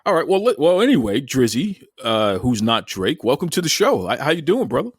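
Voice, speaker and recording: A man's voice: medium pitch, fairly quick, breathy edge, no echo, studio quality. A man with a Boston accent hosting a casual podcast interview, joking and stumbling over his words as he teases his guest. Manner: jokey, stammering, lively teasing. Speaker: podcast host.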